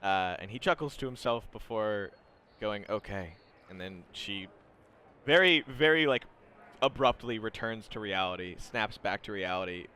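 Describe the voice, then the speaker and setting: A man narrating as game master of a tabletop game, in a relaxed way with lots of fillers. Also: lowish voice, moderate pace, clear, resonant tone. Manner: relaxed, filler-heavy narration with frequent laughs.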